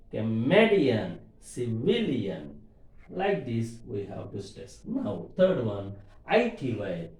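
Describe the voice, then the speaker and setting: A man's voice: a little high, dark tone. A man teaching word stress, spelling out words letter by letter and calling his listeners "my dear students". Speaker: English teacher. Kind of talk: classroom lecture on word stress. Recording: echoey room.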